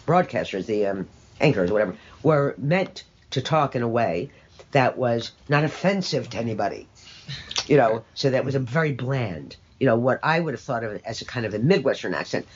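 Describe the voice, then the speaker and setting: An older woman talks in an interview with blunt, sardonic conviction, leaning hard on her points. Her pitch jumps around animatedly, and she drifts into long asides before landing the punchline. The recording sounds slightly dull, with a soft hiss underneath. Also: lively intonation, a little fast. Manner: emphatic, opinionated, sardonic with rambling asides. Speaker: interview guest. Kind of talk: conversational interview.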